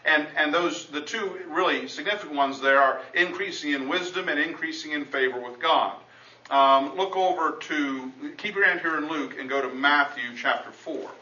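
A male preacher teaches a sermon with a bright, forceful voice, talking through scripture conversationally and restarting his sentences. The sound is dull and lo-fi, picked up from far off in a roomy church hall. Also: on the high side, normal speed.

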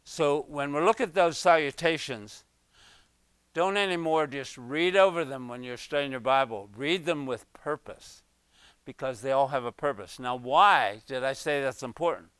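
A man's voice: mid-range voice, moderate pace, a bit bright, clear, resonant tone, dry recording. A man teaching a sermon, going through Bible verses in an earnest, emphatic way and putting questions to his listeners.

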